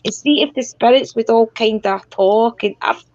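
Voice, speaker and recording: A Scottish woman in her fifties chatting on a live stream through her phone, talkative and quick to laugh. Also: on the high side, darkish tone, no echo, lo-fi sound. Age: 50s. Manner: chatty, laughs often, tries to speak slowly. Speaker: guest on a paranormal live stream. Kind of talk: casual chat.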